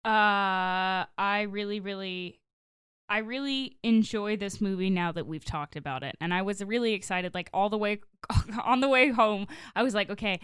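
A woman's voice: medium pitch, moderate pace, clear, resonant tone. Giggly woman chatting on a podcast. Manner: giggly, animated storyteller, acts out quotes. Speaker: guest. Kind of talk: casual podcast chat.

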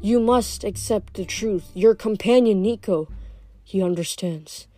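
A woman voicing an ancient, fading male nature god, speaking softly and sorrowfully. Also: mid-range voice, no room sound, faint music behind, lightly acted. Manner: soft, slow, sorrowful delivery.

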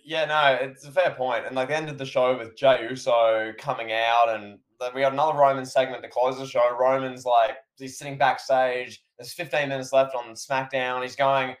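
A man's voice: medium pitch, level tone, moderate pace, few pauses. A male podcast co-host with a mid-range voice, talking casually and with enthusiasm. He keeps turning to his co-host by name and speaks in a loose, chatty way.

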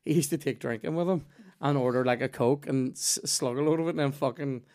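A man's voice: mid-range voice, fairly quick, darkish tone. A man with a Northern Irish accent, hosting a podcast and telling stories in casual, swearing chat. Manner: swearing, storytelling, laughs often. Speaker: podcast host.

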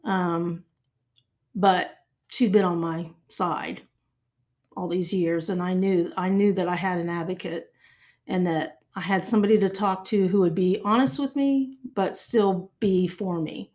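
A woman's voice: lowish voice, steady tone, a little slow, darkish tone. An older woman from Ohio, a podcast guest talking in an earnest, reflective way. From Ohio, USA. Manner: earnest, reflective, restarts phrases. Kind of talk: casual conversation.

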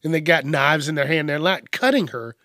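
A man's voice: on the high side, fairly quick, sharp tone, no room sound, clean studio sound. A man on a podcast, ranting crudely and mockingly with lots of swearing. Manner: profane, mocking, acts out whiny voices. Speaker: podcast host. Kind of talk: crude comedic rant.

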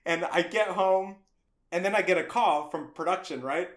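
A man's voice: high voice, normal speed, fairly bright tone, echoey room. A middle-aged man from the United States, a guest animator on a podcast, telling a story with acted-out voices, frequent laughs and casual swearing.

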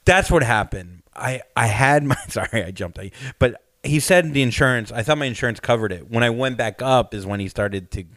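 A man's voice: mid-range voice, animated, a little fast, few pauses, fairly bright tone, no echo. A comedian in his late thirties hosting a podcast, telling a rambling, self-mocking story in casual chat. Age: late 30s.

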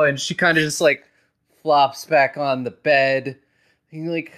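A game master narrating a tabletop game, softly and hesitantly, with many fillers. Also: mid-range voice, steady tone, slow, poor audio.

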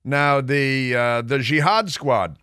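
A man's voice: mid-range voice, slow, bright, forceful tone, clean tone, dry recording, studio quality. A middle-aged man hosting a radio talk show, delivering opinionated commentary in a combative, mocking way with sarcastic asides. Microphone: studio microphone.

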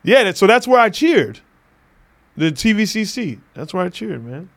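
A man's voice: high voice, big pitch swings, moderate pace, a bit bright. A man hosting a podcast in loose, joking chat, laughing often and swearing freely. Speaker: podcast host.

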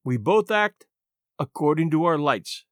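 A man doing a gruff, husky tramp captain. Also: fairly high pitch, expressive, measured pace, no echo, studio quality. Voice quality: husky, growling.

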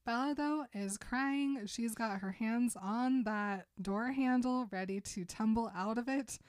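A woman co-hosting a casual book chat, retelling scenes and acting out characters' lines in quick impressions. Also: fairly high pitch, a little mellow, smooth, no echo, studio quality. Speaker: podcast co-host.

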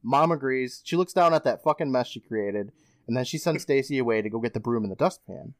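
A man's voice: medium pitch, fairly quick, no echo, studio quality. Laughing man recapping a show. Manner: laughing, swearing recap storyteller. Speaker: podcast host recapping an episode. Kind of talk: casual podcast chat.

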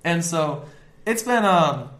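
A man's voice: on the high side, reverberant. A young man co-hosting a casual faith podcast, chatting energetically and peppering his talk with "like" and "dude". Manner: fast, energetic, filler-heavy with frequent "like" and "dude". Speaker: podcast co-host.

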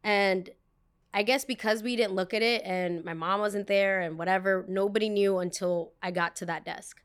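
A woman's voice: medium pitch, steady tone, normal speed, smooth. Chatty young woman telling a story. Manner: chatty, with frequent fillers and tangents; blunt, swears freely. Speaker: podcast host. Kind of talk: casual storytelling.

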